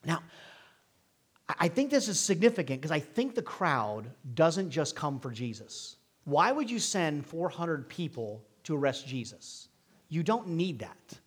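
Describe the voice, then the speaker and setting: Husky, animated male preacher. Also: a little high, unhurried. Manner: dynamic preaching, swings from hushed to emphatic. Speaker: pastor. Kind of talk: sermon.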